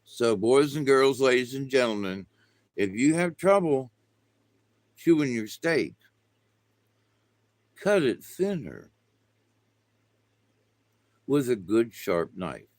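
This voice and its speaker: A man's voice: mid-range voice, big pitch swings, slow, long pauses, no room sound. A man hosting a livestream, telling a rambling story in a meandering way, chuckling and restarting his sentences. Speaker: livestream host. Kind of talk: rambling casual chat.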